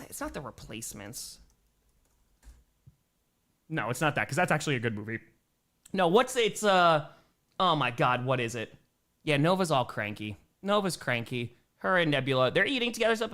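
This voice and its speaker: A man in his thirties, a streamer reading chat questions aloud and chatting loosely in a casual live Q&A. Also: fairly bright tone. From Wisconsin, USA. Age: 30s. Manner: chatty, reads chat aloud and riffs, talks to his cats in a high baby voice.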